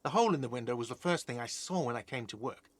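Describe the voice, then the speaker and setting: A man's voice: medium pitch, lively intonation, fast talker, no room sound, natural voice. Sarcastic game innkeeper, played by a man, curt, dry sound. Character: irritable, sarcastic male hostel manager. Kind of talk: game voice acting.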